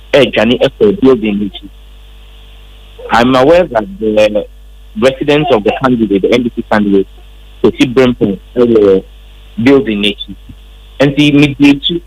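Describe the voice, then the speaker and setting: A man's voice: medium pitch, husky, poor audio. A man with a Ghanaian accent, a member of parliament, emphatically recounting events in an interview. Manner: emphatic, repetitive storytelling.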